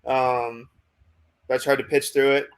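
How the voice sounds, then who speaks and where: A young man in his twenties, a pitching prospect, telling a long story in a casual interview, rambling with lots of "like" and "you know" and acting out what coaches said. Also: little pitch movement, unhurried, smooth. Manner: acts out quoted coaches in dialogue.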